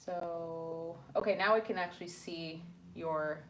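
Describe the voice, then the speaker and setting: A woman's voice: fairly low pitch, steady tone, unhurried. Chatty woman livestreaming from her apartment. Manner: chatty, reads out viewer comments, frequent ums. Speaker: livestream host. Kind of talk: casual livestream chat.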